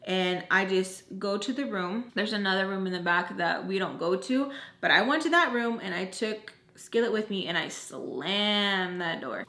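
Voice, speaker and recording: A young woman tells a personal story in a casual, animated way, swearing freely and acting out what people said. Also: mid-range voice, normal speed. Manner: animated, profane, acts out quotes. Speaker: beauty vlogger telling a story. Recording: echoey room.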